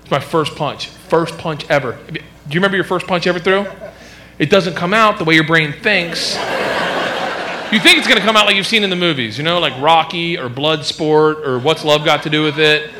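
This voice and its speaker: Stand-up man, high voice, animated with shouted sound effects, live room noise. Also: a little fast. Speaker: stand-up comedian. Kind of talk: stand-up set. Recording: live club with crowd noise.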